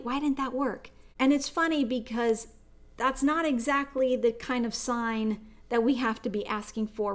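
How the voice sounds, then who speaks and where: A woman giving a devotional Bible teaching, talking in an earnest, reflective way and telling a personal story along the way. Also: on the high side.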